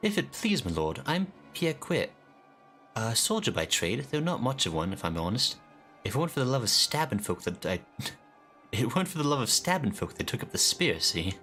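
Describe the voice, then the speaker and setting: A man voicing a chatty, low-born male soldier who talks in a folksy way, reading game dialogue aloud. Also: sing-song, moderate pace, pushed and bright, soft background music. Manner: folksy, drops his grammar.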